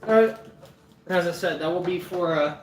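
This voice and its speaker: A man's voice: high-pitched, unhurried. A man chatting casually while he cooks on a livestream, laughing often and swearing freely. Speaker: cooking streamer. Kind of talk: casual cooking livestream chat. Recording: roomy echo, mic at a distance, faint background noise.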